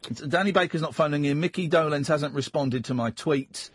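A man hosting late-night talk radio from a studio, exasperated and bossy with his callers, quick to laugh. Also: a little high, husky, no room sound. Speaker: radio host. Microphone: studio microphone.

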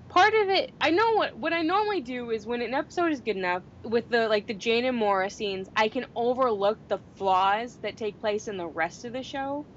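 A woman's voice: a little high, slight background noise. A woman co-hosting a casual chat about a TV episode, blunt and critical, swearing now and then. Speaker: podcast co-host. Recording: dull lo-fi sound.

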